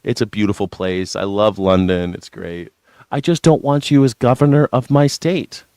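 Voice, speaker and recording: A man's voice: lowish voice, normal speed, darkish tone, smooth, dry recording. A man hosting a news reaction show, ranting in a sarcastic and profane way. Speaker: host.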